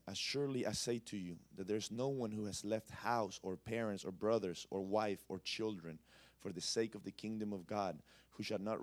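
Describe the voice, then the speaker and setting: Impassioned male preacher with big swings. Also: lowish voice. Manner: impassioned, swinging from loud exclamations to soft asides; conversational, with frequent "you know". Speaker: pastor. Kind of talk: sermon. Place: church service.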